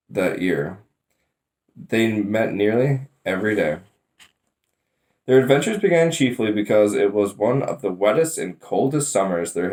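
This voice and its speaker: A man reading a children's novel aloud in a plain, even manner, with small slips now and then. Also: fairly low pitch. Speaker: storybook reader.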